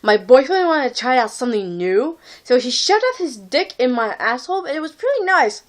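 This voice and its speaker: A woman's voice: high voice, big pitch swings, brisk. A woman voicing an airheaded blonde woman in a store line, ditzy and oblivious, drawing her words out. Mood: gossipy.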